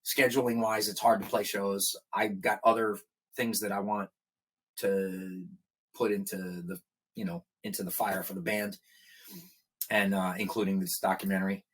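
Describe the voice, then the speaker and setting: Slight background noise accompanies a middle-aged man with a fairly low pitch speaking at normal speed. He's a guest musician telling casual podcast stories, animatedly acting out quoted people in a louder voice.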